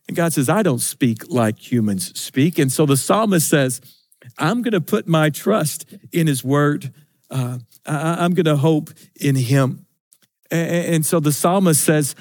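A man preaching a sermon in an earnest, repetitive style. He stumbles and restarts often, raising and lowering his voice for emphasis. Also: dry recording, clean studio sound. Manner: earnest preaching with many restarts and repeated phrases; swings between raised and lowered pitch for emphasis. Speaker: pastor.

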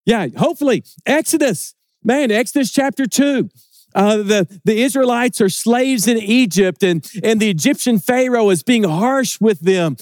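High-voiced man preaching a sermon. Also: animated, moderate pace, a little mellow, no echo, clean studio sound. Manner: earnest, repeats words when building emphasis.

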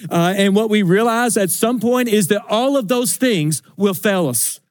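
A man preaching a sermon in an earnest, repetitive style. He stumbles and restarts often, raising and lowering his voice for emphasis. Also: no room sound, clean studio sound. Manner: earnest preaching with many restarts and repeated phrases; swings between raised and lowered pitch for emphasis. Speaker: pastor.

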